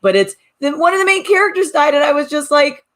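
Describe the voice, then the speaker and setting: A woman co-hosting a talk podcast in an animated, casual chat, often restarting her sentences. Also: high voice, quick pace. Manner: animated, repeats words when restarting. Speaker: podcast co-host.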